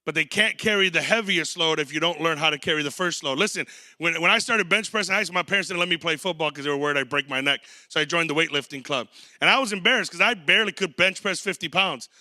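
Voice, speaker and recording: A man's voice: on the high side, fast, pushed and bright, dry recording, clean studio sound. A man in his thirties preaching a sermon as a guest pastor, telling stories and acting out quotes. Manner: storytelling with acted quotes.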